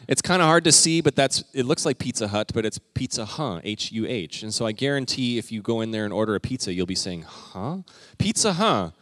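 Animated storytelling pastor, dry sound. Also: male voice, on the low side, quick pace, few pauses, no room sound. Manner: storytelling, animated, acting out quotes. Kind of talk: sermon with family stories.

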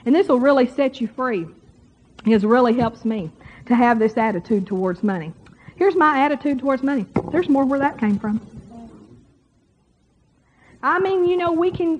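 A woman preaches to her congregation in a folksy, chatty manner, often turning straight to the people in front of her. Her voice sits high and has a breathy, husky edge. The sermon is captured on a dull, lo-fi recording.

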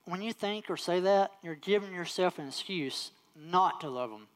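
A preacher delivering a sermon, repeating key lines and slowing down on emphatic words. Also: medium pitch, expressive. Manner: repeats key phrases for emphasis and acts out quoted voices.

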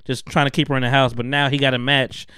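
American guy hosting a pod, smooth voice, swears a lot, does little voices for people in his story. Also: medium pitch, fast talker, no room sound, clean studio sound. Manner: profane, animated storytelling, acts out quotes. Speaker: podcast host. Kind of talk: casual chat.

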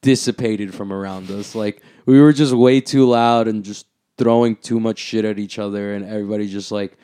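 A man's voice: lowish voice, fairly even intonation, moderate pace, dark tone, smooth. A young man on a podcast, telling a story in casual chat, rambling and swearing a lot and saying "like" constantly. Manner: rambling, profane, full of "like".

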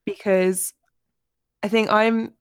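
This podcast co-host, a woman in her twenties, talks loosely about books in a book-club style, often using fillers and starting over. She speaks slowly and clearly in a mid-range, resonant voice with flat delivery. There's no room sound, just clean studio audio.

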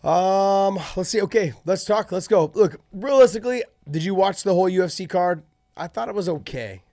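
A man in casual chat, telling fight stories with animated energy and freely swearing. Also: high-pitched, moderate pace, no echo, studio quality. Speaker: podcast co-host and former fighter.

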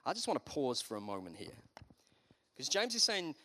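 A man's voice: medium pitch, huge pitch swings, moderate pace, sharp tone. A man preaching a sermon as pastor, in a conversational way with humorous asides.

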